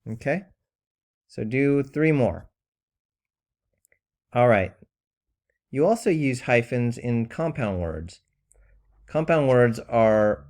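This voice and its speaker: A man teaching a recorded grammar lesson, patient and plain, with frequent ums and pauses while he explains. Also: medium pitch, a little mellow.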